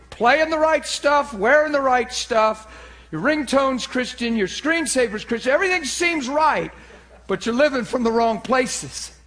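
A male pastor preaching with animated energy, acting out little voices and sound effects as he teaches. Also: very high-pitched. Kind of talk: sermon.

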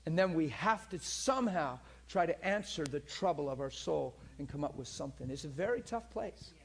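A man preaching a sermon, telling healing stories in a lively, teasing way and laughing often, moving from quiet asides to loud peaks. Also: a little high, moderate pace, creaky, husky. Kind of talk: sermon storytelling about healings.

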